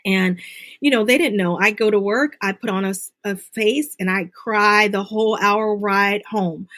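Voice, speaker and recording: Interview guest: middle-aged woman, earnest storyteller, mid-pitched, slips into high voices when quoting others. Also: steady tone, moderate pace, fairly bright tone. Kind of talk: interview conversation.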